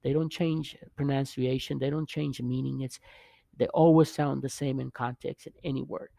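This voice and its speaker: A man teaching Spanish vowels in a casual video lesson, pausing often to check in with the viewer. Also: mid-range voice, steady tone, vocal fry, mellow, no room sound. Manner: halting, restarts often, checks in with "okay?" and "right?".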